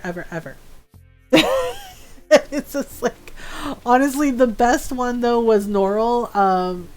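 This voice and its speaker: Woman streamer, casual playful chatter, brightish higher register. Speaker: game streamer. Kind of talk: casual chat while playing.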